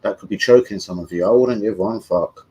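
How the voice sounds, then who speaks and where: A man's voice: fairly low pitch, fairly quick, mellow, husky, low-quality recording. A young man ranting in a rambling, sweary livestream chat about football. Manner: rambling, sweary, loses his thread. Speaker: football fan streamer.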